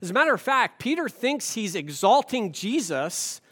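A man's voice: high voice, sing-song, normal speed, sharp tone, husky. A man, the pastor, preaching a sermon in a conversational way, with rhetorical asides to the congregation.

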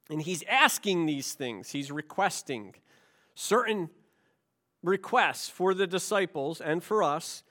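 A man with a high-pitched voice delivers a church sermon. He preaches in a conversational way, trading stories and rhetorical questions with the congregation, and his voice carries up to fairly high notes. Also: animated, slow pace, bright, forceful tone. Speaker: pastor.

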